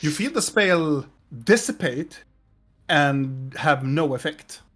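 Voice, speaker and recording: A man's voice: on the high side, animated, takes it slowly, a bit bright. A man running a tabletop game as game master, describing scenes unhurriedly and laughing often.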